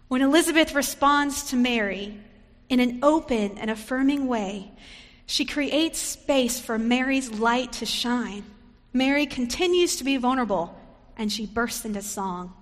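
A woman pastor delivering a sermon in a measured, reflective storytelling manner. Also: fairly high pitch, animated, big-room sound.

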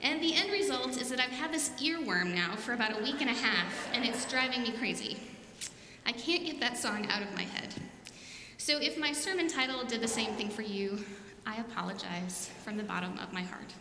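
A woman's voice: fairly high pitch, lively intonation, normal speed, noisy background. A woman pastor, asking questions and leading a repeat-after-me prayer in a church sanctuary. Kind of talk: sermon and children's message. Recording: echoey hall with long reverb.

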